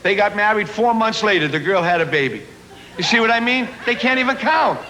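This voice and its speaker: A middle-aged man doing stand-up comedy in a chatty, self-mocking way, his voice high for a man. The sound is an old 1970s TV recording with steady hiss behind him. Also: fairly quick.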